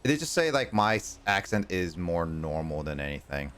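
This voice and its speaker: A man with a low, smooth voice chats casually over his gameplay. His R sounds carry a slight L-like tongue flick, and he rambles along with fillers and restarts. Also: very animated, normal speed, a bit bright. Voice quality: R sounds bend toward L. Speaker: streamer. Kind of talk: casual chat while gaming.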